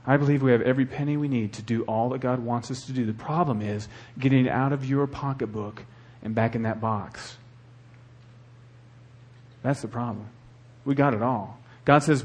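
A man preaching a sermon as the church's pastor, swinging between hushed, earnest talk and loud, fervent exhortation. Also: mid-range voice, fairly even intonation, normal speed, husky.

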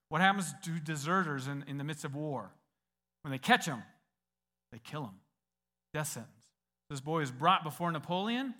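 A middle-aged American man preaching a sermon, telling a story with lively acted-out quotes. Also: a little high. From United States. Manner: animated storyteller, acts out quoted voices. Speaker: pastor.

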